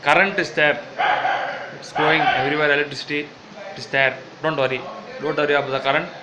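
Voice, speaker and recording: A man with an Indian English accent playing a loud, pushy cricket mascot in a comic double-role sketch, rambling with many fillers. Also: on the high side, fairly even intonation, a little fast, heavy background noise, natural voice. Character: brash bossy cricket-league mascot named Jill.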